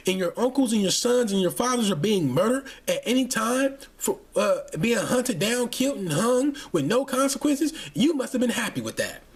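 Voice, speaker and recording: A man with a high, husky voice delivering angry ranting commentary. He talks heatedly and profanely, often stumbling through repeated restarts. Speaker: channel host.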